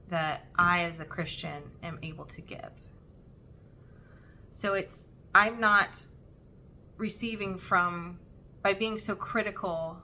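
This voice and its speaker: A young woman hosting a stitching vlog, talking in an earnest, halting and emotional way. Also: lowish voice, sharp tone, slight background noise. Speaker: Flosstube host. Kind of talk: heartfelt personal vlog talk.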